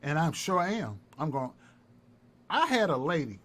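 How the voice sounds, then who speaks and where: A live-stream commentator delivers a heated callout, taunting, repetitive, and animated, his pitch swinging lively at a normal speed. Faint background noise runs under the recording.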